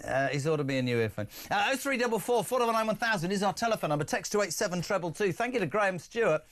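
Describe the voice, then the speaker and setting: A man's voice: high voice, lively intonation, racing, fairly bright tone. A middle-aged man hosting live talk radio, chatty and teasing as he reads out listener texts. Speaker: radio talk show host.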